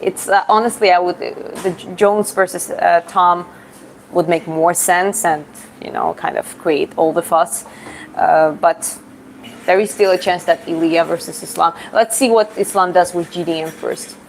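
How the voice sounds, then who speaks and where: A woman from Georgia with a Georgian accent, a livestream host and fitness coach answering chat questions in a relaxed, chatty way, often searching for words. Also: fairly low pitch, unhurried, vocal fry, a little hiss or hum, rough recording.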